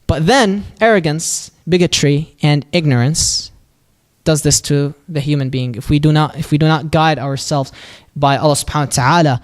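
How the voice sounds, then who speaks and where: Man, fairly high voice, animated religious storyteller, casual fillers, quoted voices acted out. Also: moderate pace. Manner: lively, animated retelling with quoted voices and Arabic phrases. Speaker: storyteller at a mosque.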